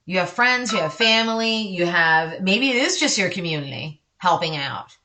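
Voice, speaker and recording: A woman's voice: fairly low pitch, expressive, moderate pace, sharp tone, faint music behind. A woman doing a casual tarot reading for her viewers, chatty and reassuring, breaking off often for apologetic asides. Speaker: tarot card reader.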